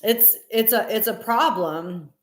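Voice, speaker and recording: Middle-aged woman, casual live-stream chat, unhurried, earnest, emphatic, fillers, roomy echo. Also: medium pitch.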